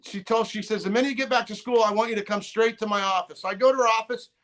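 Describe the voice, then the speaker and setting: High-voiced rambling male storyteller. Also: quick pace. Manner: rambling, restarts, quotes others in lively voices. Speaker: podcast guest. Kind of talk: casual storytelling.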